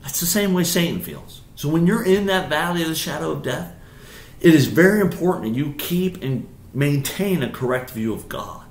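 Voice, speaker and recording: Conversational preacher in an echoey room. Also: male voice, fairly high pitch, animated, normal speed. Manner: conversational, rising to emphatic bursts, frequent restarts. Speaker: pastor. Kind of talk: sermon.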